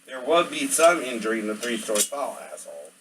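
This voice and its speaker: A man's voice: medium pitch, brisk, slight background noise, low-quality recording. A man vlogging at home, rambling and venting as he talks to absent people and keeps asking "right?". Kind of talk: rambling monologue to camera.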